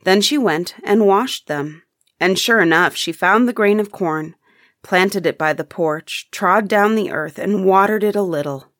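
A woman reading an old folk tale aloud in an even, measured storytelling manner. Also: mid-range voice, dry recording, studio quality.

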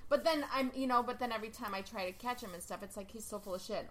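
A woman's voice: a little high, quick pace, a little hiss or hum. A woman hosting a podcast, chatting casually in a blunt, emphatic way and swearing freely. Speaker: podcast host; life coach.

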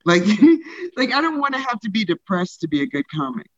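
A woman stand-up comedian in a casual interview, talking fast and loose with lots of "like" fillers and frequent laughter. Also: fairly high pitch, expressive, creaky, dry recording, lo-fi sound.

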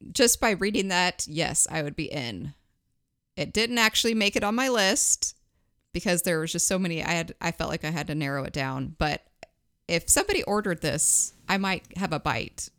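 An upbeat woman co-hosting a casual food podcast, sharing her opinions in a lively way. Her voice is bright and crisp, smooth and clear, and sits a little low for a woman. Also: dry recording, studio quality. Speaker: podcast co-host. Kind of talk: casual chat.

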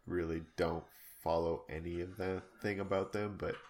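A man's voice: low-pitched, steady tone, normal speed, darkish tone, slight background noise. A man co-hosting a podcast in casual chat, easygoing and teasing. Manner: easygoing, laughs often, teasing. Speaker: podcast co-host.

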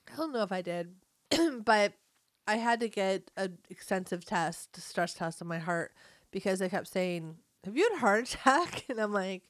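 A woman's voice: mid-range voice, measured pace, dry recording. A woman co-hosting a casual chat, teasing her partner with jokes and frequent laughter. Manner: playful, teasing, laughs a lot. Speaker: podcast co-host.

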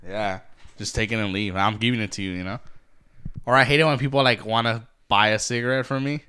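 A man's voice: lowish voice, steady tone, a little fast, pushed and bright, clear, resonant tone. A man in casual chat, swearing a lot and mocking his friend with sarcastic banter.

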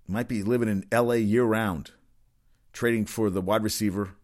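A man's voice: lowish voice, steady tone, moderate pace. A man hosting a casual sports talk show, ranting bluntly and sarcastically with plenty of profanity.

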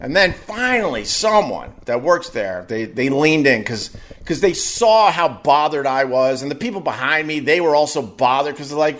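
A man telling a casual anecdote in an exasperated, swearing rant full of quick restarts. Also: a little high, lively intonation, fairly bright tone. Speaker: storyteller.

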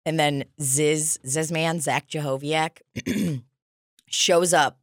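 A woman's voice: low voice, steady tone, slow, dry recording, clean studio sound. A woman co-hosting a casual comedy chat, telling a rambling story with plenty of laughter.

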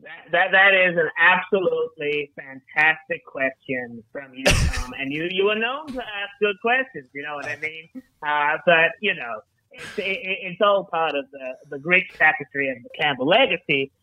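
A man voicing a brash, foul-mouthed American talent agent calling in, with loud boasts and stammering restarts. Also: on the high side, lively intonation, normal speed, low-quality recording. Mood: sleazy. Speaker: caller.

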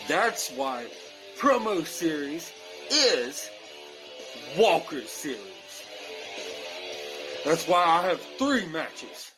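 A man delivering a boastful, menacing wrestling promo, slow and deliberate. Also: fairly high pitch, big pitch swings, rough recording. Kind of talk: scripted wrestling trash-talk promo. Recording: guitar music playing loudly behind.

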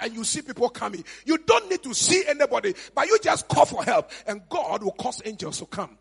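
A man with a Ghanaian accent, a pastor preaching a sermon, rising to high shouts and falling to quiet murmurs. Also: big pitch swings, a little fast, creaky, few pauses, breathy edge. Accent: Ghanaian English. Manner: preaching, shouts to a high pitch then drops to a low murmur. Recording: reverberant church hall with music behind.

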